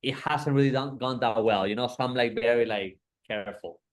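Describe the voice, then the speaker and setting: A man's voice: medium pitch, fairly quick. A man in casual chat, talking loosely and profanely, peppering everything with "bro" and "like". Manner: profane, rambling, lots of "bro" and "like".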